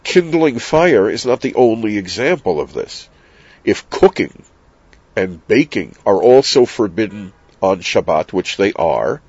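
A man giving a slow, deliberate and emphatic Torah lesson on Sabbath law. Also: fairly low pitch, a little mellow, breathy edge, dry recording. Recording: dull, dry, lo-fi sound.

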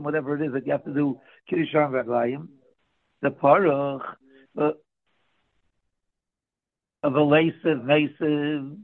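A man with a raised, gravelly voice and a husky, raspy edge leads a daily Talmud class. He works through the text by asking questions aloud and then answering them. The sound comes through a thin, tinny phone-like line. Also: a little high. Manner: explains by asking and answering his own questions. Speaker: Talmud teacher.

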